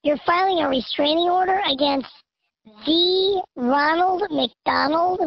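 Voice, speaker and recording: A snippy, dismissive court clerk, a woman as a man puts her on, talks in a high, gravelly voice full of disbelief. The sound is muffled and lo-fi. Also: takes it slowly, heavily acted. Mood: incredulous. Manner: incredulous, dismissive.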